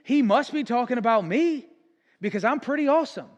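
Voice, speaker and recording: Brief: man doing a boastful, self-admiring court official, high voice, echoing hall. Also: expressive, a little fast, muffled recording. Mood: smug. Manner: smug and boastful. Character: vain, self-admiring male royal official. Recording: long church hall reverb.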